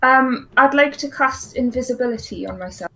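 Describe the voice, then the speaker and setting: A woman's voice: on the high side, normal speed, bright, forceful tone, low-quality recording. A woman playing a tabletop game, hesitant, with many ums. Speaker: player.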